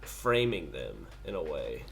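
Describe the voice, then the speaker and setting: A man co-hosting a casual art podcast, talking in a hesitant, halting way with restarts and dry understatement. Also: rumbling low, big pitch swings, vocal fry, a bit bright, slight background noise. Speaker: podcast co-host. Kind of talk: casual chat.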